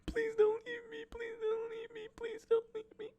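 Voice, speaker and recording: Casting: a hysterical, sobbing, pleading voice in a high falsetto. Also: male voice, completely flat delivery, measured pace, darkish tone. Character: unseen voice crying hysterically, pleading.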